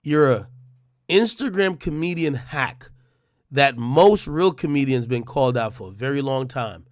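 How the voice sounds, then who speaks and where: A man's voice: mid-range voice, expressive, measured pace, no room sound, clean studio sound. A man hosting a livestream, delivering a brash, profane roast monologue full of mocking jabs and stammered restarts. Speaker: livestream host.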